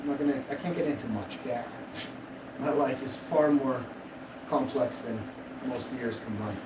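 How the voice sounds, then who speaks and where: A man's voice: mid-range voice, moderate pace. Boastful profane man, echoey distant. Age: 40s. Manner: boastful, profane, laughing at his own story. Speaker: streamer. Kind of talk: rambling live-stream storytelling. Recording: echoey room, distant mic, loud background noise.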